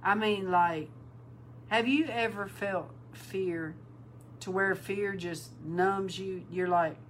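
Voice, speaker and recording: A woman preaching an informal sermon, calling her listeners bride and repeating words for emphasis, sometimes breaking into loud exclaims. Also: mid-range voice, slow pace, a little hiss or hum, poor audio.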